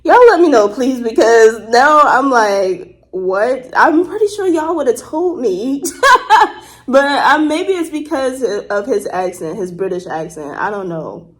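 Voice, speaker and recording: A woman's voice: a little high, animated, unhurried. A woman hosting a casual reaction video, chatty, exclaiming often and laughing easily. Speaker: host reacting to a documentary.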